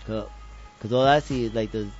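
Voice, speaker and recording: A man hosting a casual radio show, talking loose and slangy, laughing often and getting excited. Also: on the low side, brisk. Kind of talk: casual chat. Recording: dull lo-fi sound with faint music.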